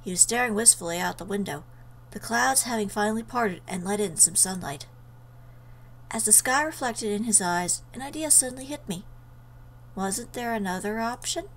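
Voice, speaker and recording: A woman's voice: medium pitch, moderate pace, a bit bright, a little hiss or hum, poor audio. A woman reading a visual novel aloud in an earnest way, breaking off for emotional asides. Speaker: let's player.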